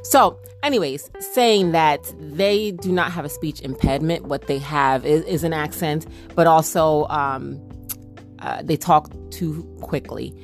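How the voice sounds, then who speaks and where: A mother with a slight New Jersey accent, chatting quickly and casually on a family vlog. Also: sits low, soft background music. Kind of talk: casual chat.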